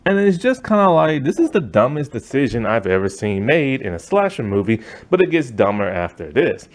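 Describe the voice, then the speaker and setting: A man's voice: mid-range voice, sing-song, normal speed. A man giving a casual, rambling movie review rant, loose and exasperated, with lots of filler words.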